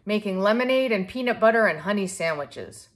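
A woman reading a children's picture book aloud to a young child in a clear, expressive way. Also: medium pitch, a little fast. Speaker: storybook reader.

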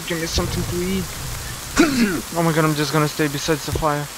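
A man's voice: a little high, moderate pace, crowd noise, rough recording. A young man with a Slovenian accent, giving jumpy, panicky commentary while playing a horror game, swearing and repeating himself. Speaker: gaming YouTuber. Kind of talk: scared horror gameplay commentary.

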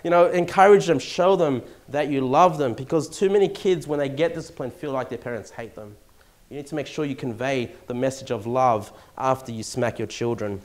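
An Australian pastor preaching a sermon in church, animated, swinging from loud emphasis to hushed asides and chuckling now and then. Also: male voice, medium pitch, fairly quick.

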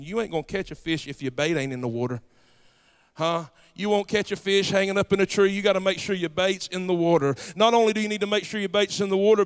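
A Southern-accented pastor delivers a folksy, storytelling sermon. His voice sits high for a man and rings bright and forceful, rising at times into shouted preaching. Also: smooth. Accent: Southern US, South Georgia.

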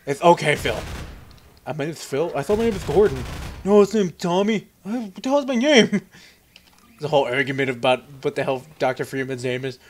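A young man plays a game and talks through it casually, cursing, joking and laughing a lot, with high squeaky yelps whenever something startles him. His voice is very animated and a little fast, and there's a faint hiss or hum on the recording.

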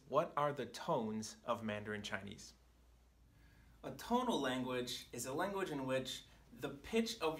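Slow, bright-voiced male teacher. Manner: clear, patient, demonstrates pitch with sung syllables. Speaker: Chinese teacher. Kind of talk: explanatory lesson to camera. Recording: echoey room, mic some distance off.

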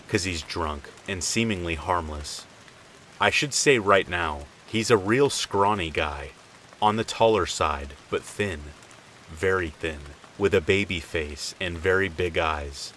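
A man tells a first-person scary story in a relaxed, conversational way. His voice is very low and deep. Faint rain is heard behind him. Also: unhurried, slight background noise, rough recording. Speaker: horror story narrator.

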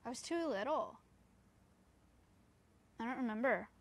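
A woman's voice: on the high side, expressive, measured pace. A young woman streaming live outdoors, chatting casually with her chat and coaxing her animals. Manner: chatty, talks to her chat and coaxes goats. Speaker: streamer and sanctuary owner.

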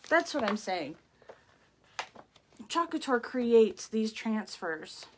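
Slow-talking gushing middle-aged woman. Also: fairly high pitch. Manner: gushing, exclamatory, chatty. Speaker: craft product demonstrator. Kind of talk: casual live product walkthrough.

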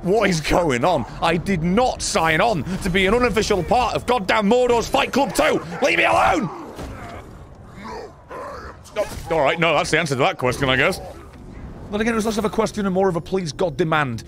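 A man giving excitable, sarcastic commentary over his own gameplay, often swearing. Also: high voice, fairly quick, slight background noise. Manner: excitable, sarcastic, swearing, frequent yelps and laughs. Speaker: gaming channel host.

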